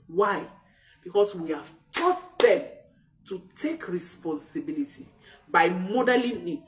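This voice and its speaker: A woman's voice: medium pitch, far from the mic. Emphatic woman coaching parents. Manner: emphatic, repeats key points. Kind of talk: coaching talk to camera.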